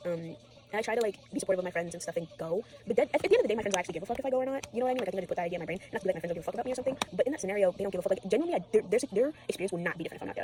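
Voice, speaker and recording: A teenage girl with a lowish voice vlogs at home after an all-nighter, tired, swearing and rambling from one topic to the next in a late-night vlog. Background noise is audible.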